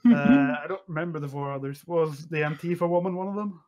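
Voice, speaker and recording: Mumbling, higher-voiced dice roller. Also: male voice, a little fast, darkish tone. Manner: muttering to himself while tallying rolls. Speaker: player. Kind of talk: tabletop role-play, reporting dice rolls.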